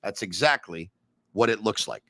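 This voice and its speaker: A man's voice: lowish voice, lively intonation, moderate pace, pushed and bright, dry recording. A man hosting a hockey podcast, reading ads and talking straight to listeners with an emphatic, upbeat manner. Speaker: podcast host. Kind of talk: energetic podcast hosting and ad reads.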